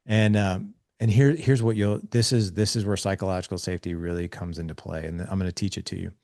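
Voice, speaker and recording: A man in his forties giving parenting advice in an interview, energetic and acting out conversations between dad and kid. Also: sits low, fairly quick, vocal fry, no room sound, clean studio sound. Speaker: guest on a parenting show.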